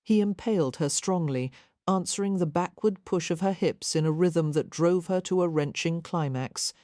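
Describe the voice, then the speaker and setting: Low, mellow woman narrating a romance. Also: moderate pace, dry recording, studio quality. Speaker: audiobook narrator. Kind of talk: scripted narration.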